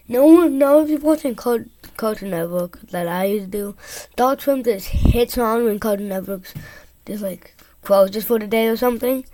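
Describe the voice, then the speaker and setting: A woman reacting to a video in casual commentary, rambling and excitable with loud outbursts. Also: medium pitch, slight background noise.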